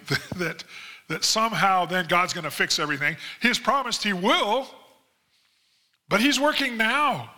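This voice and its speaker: A man preaching a sermon as pastor, in a conversational style with frequent asides, acting out quoted voices animatedly. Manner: animated storytelling, acts out quoted voices with big pitch jumps; conversational, many "you know" asides.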